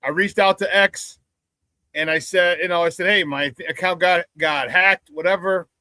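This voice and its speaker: Ranting high-voiced sports talk host. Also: male voice, steady tone, moderate pace, sharp tone, dry recording. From Chicago area. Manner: fired-up, ranting, loose and profane. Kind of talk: casual live show talk.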